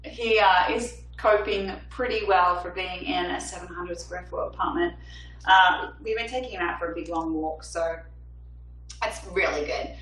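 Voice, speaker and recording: A woman's voice: on the low side, normal speed, fairly bright tone, recorded from a distance. A woman in her thirties, a singer-songwriter chatting on a livestream from her small apartment in a bubbly, chatty way as she reads viewer comments aloud. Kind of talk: casual livestream chat. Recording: roomy, off-mic home stream with faint hum.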